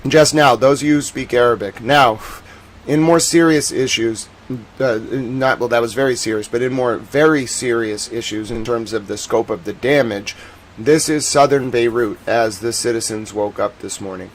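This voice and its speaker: A man with a Boston accent hosting a casual live stream about war footage, chatting with viewers and turning soft and earnest on serious points. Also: mid-range voice, normal speed, slight background noise, low-quality recording. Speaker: live-stream news host.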